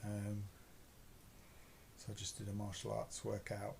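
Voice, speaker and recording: Gravelly low-voiced London man. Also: monotone, unhurried, darkish tone, a little hiss or hum, rough recording. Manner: rambling, hesitant, filler-heavy. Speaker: vlog co-host. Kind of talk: casual chat.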